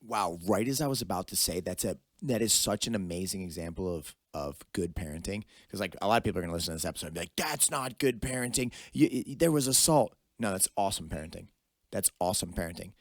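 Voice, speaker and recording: A man's voice: low-pitched, fast, no echo, clean studio sound. A man hosting a podcast, giving emphatic, opinionated commentary in casual talk. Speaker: podcast host. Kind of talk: casual conversation.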